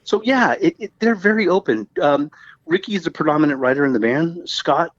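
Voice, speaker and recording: A man's voice: a little high, expressive, a little fast, no echo, muffled recording. Laid-back Southern Californian man, rambling. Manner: rambling, laughs often, acts out quoted voices. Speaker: guest musician. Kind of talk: casual interview chat.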